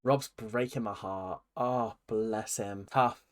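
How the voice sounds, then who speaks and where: A young man with an excitable, gushing, chatty manner, giving casual reaction commentary as a video host. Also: fairly low pitch, takes it slowly.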